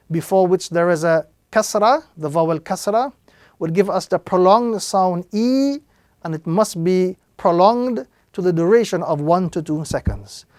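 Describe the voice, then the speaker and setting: Slow, clear male Quran teacher. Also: high voice, darkish tone, no echo, studio quality. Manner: spells out letters slowly and clearly, then explains briskly. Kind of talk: slow, deliberate recitation lesson.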